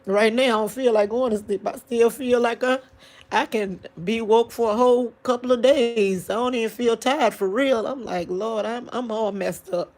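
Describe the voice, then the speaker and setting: A grieving woman talks into her phone or webcam late at night, her voice soft and halting, full of restarts. She speaks, tearful and worn down. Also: on the high side, steady tone. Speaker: livestream vlogger. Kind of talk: late-night livestream talk to viewers.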